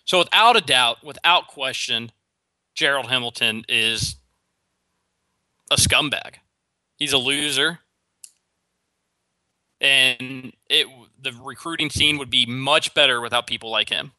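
A man hosting a sports talk show alone, giving opinionated commentary with quick restarts. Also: medium pitch, sharp tone, dry recording. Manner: opinionated, rapid with frequent restarts.

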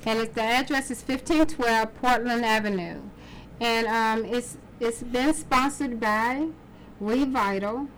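A woman's voice: a little high, measured pace, a bit bright, a little hiss or hum, rough recording. A woman entrepreneur, a guest on a sports talk show, talking up her upcoming event in a chatty, sassy way. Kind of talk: casual interview.

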